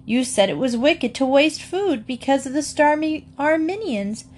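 Earnest little girl with a high pleading voice, storybook kid, read by a lady. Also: lively intonation, normal speed, darkish tone. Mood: reproachful. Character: young girl, earnest and easily upset.

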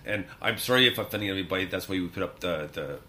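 A man's voice: low voice, fast talker, pushed and bright, a little hiss or hum. A man co-hosting a podcast, telling stories in a casual, rambling way and laughing often. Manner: laughs often, rambling storytelling with many fillers. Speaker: podcast co-host. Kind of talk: casual chat.

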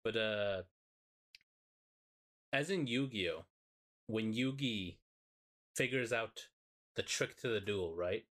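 Man, podcast co-host, casual chat, lower voice, excited, swears a lot. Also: slow pace, long pauses. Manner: excited, profane, animated retelling.

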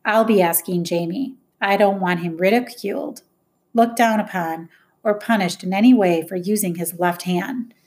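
A woman voicing a firm, educated woman guardian who speaks with crisp, commanding diction. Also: medium pitch, normal speed, darkish tone, lightly acted. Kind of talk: audiobook character voice.

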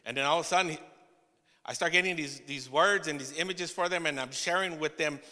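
Bright-voiced man preaching in a reverberant hall. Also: on the high side. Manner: storytelling, quoting himself, halting restarts, laughing asides. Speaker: pastor. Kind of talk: sermon testimony.

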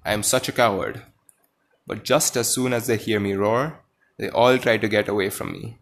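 A man's voice: lowish voice, fairly even intonation, normal speed, fairly bright tone. A man reading aloud a timid, self-pitying male lion who is ashamed of his cowardice, in a storybook reading. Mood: sorrowful.

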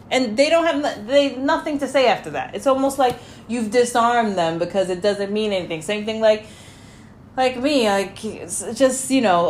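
A woman's voice: fairly high pitch, moderate pace, darkish tone, slight background noise. A woman co-hosting a podcast, chatting casually and giving firm opinions, sometimes bossy, laughing now and then. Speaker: podcast co-host. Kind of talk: casual chat.

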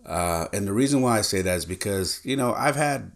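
A man with a very low voice hosts a podcast on his own. He tells everyday stories in a casual, direct way, with plenty of fillers and self-corrections. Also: expressive, fairly quick, gravelly. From San Jose, California. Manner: direct, chatty, lots of fillers and restarts. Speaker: podcast host. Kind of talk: casual storytelling monologue.

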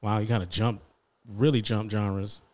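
A man's voice: on the low side, level tone, normal speed, a little mellow. A man co-hosting a casual podcast in a laid-back, teasing manner. He often stumbles and repeats words as he talks. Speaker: podcast co-host. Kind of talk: casual chat.

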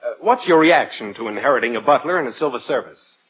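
An actor playing a breezy, wisecracking American newspaper reporter in a radio sitcom. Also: male voice, mid-range voice, expressive, fast talker, lightly acted. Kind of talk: 1940s radio sitcom acting. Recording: muffled old radio recording, faint hiss.

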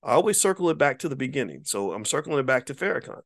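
A man's voice: mid-range voice, big pitch swings, racing. Emphatic preachy man talking to viewers. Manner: emphatic, preachy, with casual profanity; repeats words when restarting a thought. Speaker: online commentator. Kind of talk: casual monologue to viewers.

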